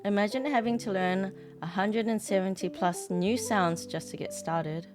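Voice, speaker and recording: A woman's voice: mid-range voice, moderate pace. A woman with a New Zealand accent, chatting casually on a live stream, reading lesson text aloud and reacting to it. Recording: background music track.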